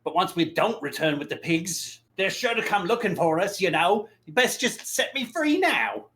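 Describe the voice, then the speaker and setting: A frightened goblin captive wheedles and bargains in broken dialect, voiced by a man. The voice sits well above its speaker's usual pitch and swings lively. It is a tabletop game character, pleading and shifty. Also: normal speed, full character voice. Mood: wheedling. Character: wheedling scared male goblin prisoner.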